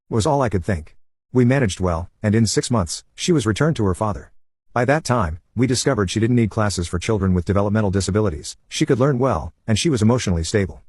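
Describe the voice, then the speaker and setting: A man reading online stories aloud as a steady scripted narration. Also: on the low side, breathy edge, no echo, studio quality.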